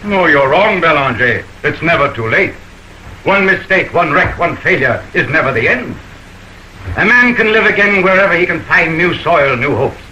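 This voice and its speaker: An actor in an early sound film playing a stern, idealistic Legion captain who speaks in a declamatory, stirring way. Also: male voice, on the high side, lively intonation, normal speed, pushed and bright, slight background noise, rough recording.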